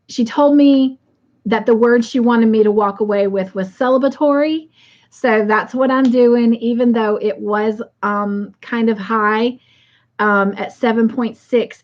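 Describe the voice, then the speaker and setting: This livestream host is a woman whose medium-pitched voice keeps a fairly even intonation at a moderate pace. Her casual chat is full of fillers, and she welcomes viewers by reading out their comments, all in muffled lo-fi audio.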